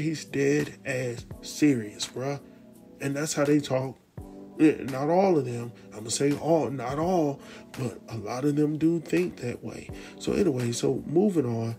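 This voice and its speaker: A man casually recapping a TV drama episode, animated and slangy, speaking straight to his viewers. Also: mid-range voice, measured pace, creaky, soft background music. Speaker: TV recap host.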